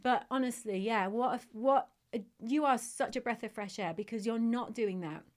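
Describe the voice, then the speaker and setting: A woman hosting a live podcast chat on dog training, warm and encouraging, getting emotional as she talks to her audience. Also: on the high side, normal speed.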